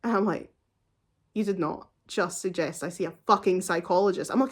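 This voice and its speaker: A woman's voice: on the low side, normal speed. A woman in her twenties retelling a story casually and heatedly, swearing often and acting out both sides of the conversation. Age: 20s. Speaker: vlogger.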